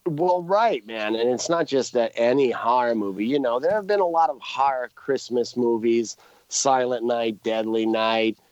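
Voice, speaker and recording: A laid-back man chatting casually on a podcast, with a mid-pitched, easygoing voice. He drops in slangy asides as he talks. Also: moderate pace, a little mellow, highs cut off. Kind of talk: casual chat.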